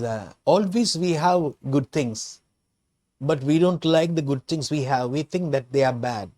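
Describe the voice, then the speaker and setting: A man with a Sri Lankan English accent, an English teacher walking learners through a storybook with slow, repetitive explanations. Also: mid-range voice, a little mellow.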